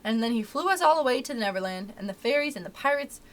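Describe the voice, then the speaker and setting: A woman's voice: on the high side, lively intonation, quick pace, close to an everyday voice. A woman reading aloud, voicing a curious, artful little girl in a storybook with eager questions.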